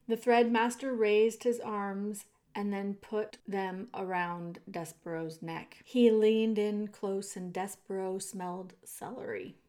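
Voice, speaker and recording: Slow, expressive woman reading a storybook. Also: mid-range voice. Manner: expressive, addresses the listener directly. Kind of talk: reading a children's book aloud.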